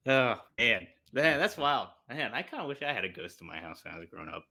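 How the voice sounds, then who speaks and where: Bright, animated podcast co-host. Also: male voice, medium pitch, brisk, creaky. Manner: reactive, laughs often, lively interjections. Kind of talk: casual chat.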